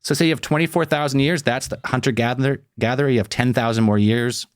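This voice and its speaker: A man's voice: mid-range voice, fairly even intonation, no echo, studio quality. A man co-hosting a podcast, rambling and swearing freely in casual chat. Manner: rambling, swears, quick to joke. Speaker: podcast co-host.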